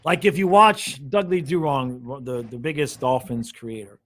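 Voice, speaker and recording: A man's voice: mid-range voice, normal speed. A man hosting a casual sports chat over a video call, rambling, laughing and poking fun at himself. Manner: laughing, rambling, self-mocking. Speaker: show host.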